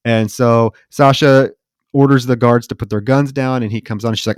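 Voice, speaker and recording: A man's voice: medium pitch, normal speed, smooth, no echo. Dry-sounding man recapping a film. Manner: animated retelling, acts out characters' lines. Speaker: podcast co-host.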